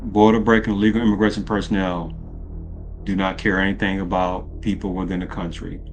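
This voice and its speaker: A man's voice: deep voice, little pitch movement, a little fast, soft background music. A man giving opinionated political commentary in a rambling way, asking rhetorical questions and often correcting himself. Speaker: video commentator.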